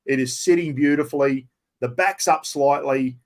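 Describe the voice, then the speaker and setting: A man's voice: medium pitch, moderate pace. An older Australian man answering viewers' chat questions on a live stream, blunt and blokey, swearing casually and calling everyone mate.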